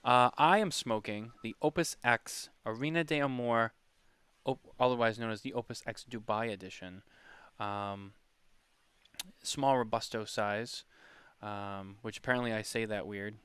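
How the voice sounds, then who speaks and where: A man's voice: lowish voice, a little slow, a bit bright, smooth, no room sound. A man hosting a podcast in casual chat, rambling and chatty as he reads comments. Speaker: podcast host.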